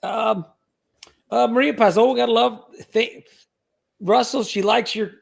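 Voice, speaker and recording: A man runs a casual live stream chat, joking and telling rambling stories. His voice sits high and has a husky rasp to it. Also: fairly even intonation, unhurried. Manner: jokey, rambling storyteller who reads out chat comments.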